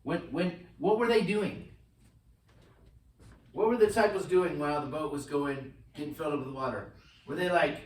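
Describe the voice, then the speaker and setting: A man preaching a sermon as pastor, animated, swinging between loud bursts and hushed lines. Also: fairly high pitch, moderate pace, long pauses, roomy sound, recorded from a distance, a little hiss or hum, rough recording. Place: church sanctuary.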